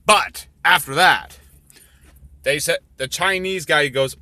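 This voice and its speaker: Bright-voiced man reading slowly. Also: fairly high pitch, expressive, no room sound. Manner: profane, offhand asides. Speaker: author reading his own story. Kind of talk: story reading with rambling commentary.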